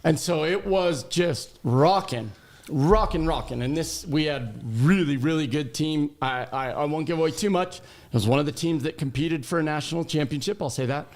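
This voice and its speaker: A man telling a story in casual chat on a sports podcast, animated and laughing as he talks. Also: on the high side, moderate pace.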